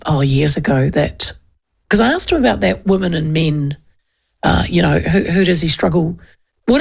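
Using a studio mic and headphones, a radio host from New Zealand, in her fifties, keeps a casual chat going. Her medium-pitched voice is gravelly and husky, and her chatty storytelling is full of restarts.

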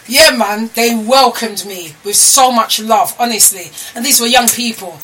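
Middle-aged lady chatting on a live stream, bit high, a bit off mic with clear hiss. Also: unhurried, few pauses, fairly bright tone. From London. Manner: chatty storyteller with exclamations and laughs. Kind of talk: casual live stream chat. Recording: slightly distant mic with noise.

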